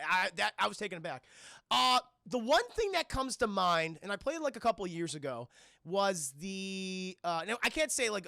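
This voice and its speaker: In a high, gravelly voice that's pushed and bright, a young man with a New York accent rambles and curses through a livestream, answering viewer questions and addressing chat constantly. The recording is studio quality with no echo.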